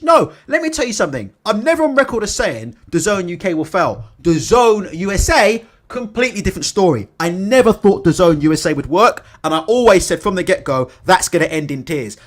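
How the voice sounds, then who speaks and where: Brisk and sing-song, with hardly any pauses, a man's slightly bright voice sits high. As host of a boxing channel, he gives casual opinions, keeps tagging lines with "innit?" and "right?", swears casually and laughs at his own jokes.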